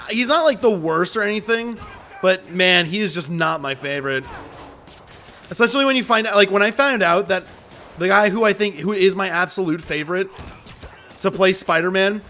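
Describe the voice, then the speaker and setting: A man's voice: sits high, bright, forceful tone. A man giving casual, profane, opinionated commentary while he plays a game. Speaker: gaming streamer.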